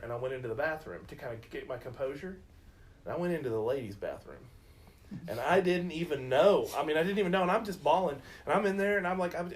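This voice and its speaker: A man telling funny camp stories in a casual podcast chat, animated and often laughing. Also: on the high side. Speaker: camp director.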